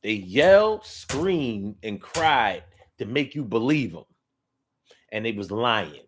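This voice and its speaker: A man giving a casual, animated comedic monologue in heavy slang. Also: mid-range voice, slow, slightly rough. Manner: animated, slangy, repetitive storytelling. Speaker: comedic commentator.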